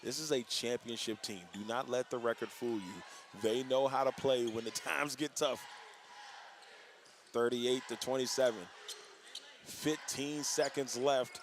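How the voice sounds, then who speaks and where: A man doing live radio play-by-play for a basketball game, measured and easygoing, chuckling between calls. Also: medium pitch, fairly even intonation, noisy background.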